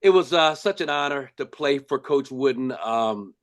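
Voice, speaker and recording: An older man from Los Angeles, a former basketball player, telling stories in a casual, animated way with lots of restarts. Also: mid-range voice, moderate pace. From Los Angeles, USA. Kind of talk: casual storytelling.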